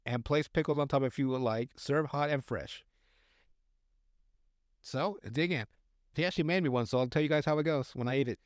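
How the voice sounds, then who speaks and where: A man's voice: a little high, dry recording, clean studio sound. A man co-hosting a podcast, reading recipes aloud in casual chat, stumbling over words and joking crudely. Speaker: podcast co-host.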